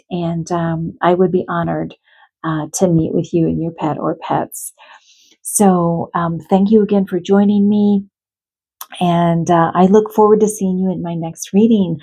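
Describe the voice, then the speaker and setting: A woman animal communicator speaks to her viewers in a heartfelt, reassuring way during a spiritual card reading. Her voice is warm and mellow. She talks slowly and gently. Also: fairly low pitch, steady tone, creaky, husky, low-quality recording. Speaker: animal communicator and tarot reader.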